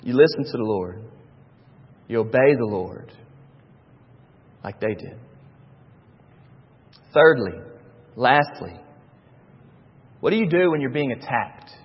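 A man's voice: mid-range voice, animated, takes it slowly, long pauses, husky. A man, preaching a sermon as pastor with emphatic repetition and homely asides. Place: church sanctuary. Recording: dull reverberant hall.

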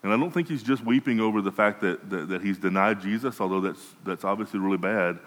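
A man's voice: fairly low pitch, fast talker, a bit bright, in a large hall, rough recording. A man preaching a sermon in a conversational way, often restarting and repeating words. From United States.

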